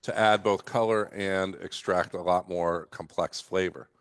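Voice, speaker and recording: A man, a distiller guest on a radio show, explaining in a measured, hesitant way. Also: low voice, steady tone, clear, resonant tone, no room sound, studio quality. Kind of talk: casual radio chat.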